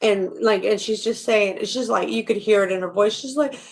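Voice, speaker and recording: A woman's voice: medium pitch, brisk. A woman hosting her channel in a casual, ranting chat, indignant and blunt, swearing freely. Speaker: channel host.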